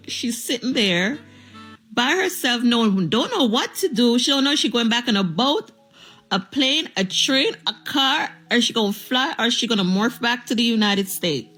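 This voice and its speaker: A woman chats through a personal story straight to camera, in an easy storytime style. She keeps it playful and lively, and slips into the voices of the people in the story. Her voice sits at an ordinary middle pitch, and soft music plays faintly underneath. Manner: animated, playful, acts out quoted voices.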